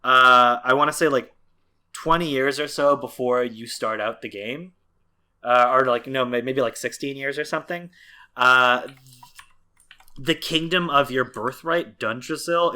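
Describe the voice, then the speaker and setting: A man co-hosting a podcast in an easy, casual way, his voice bright and forward. He rambles, circles back and fills gaps with filler words as he explains. Mid-range pitch. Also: unhurried. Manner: rambling, many fillers and restarts. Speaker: podcast co-host. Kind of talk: casual chat.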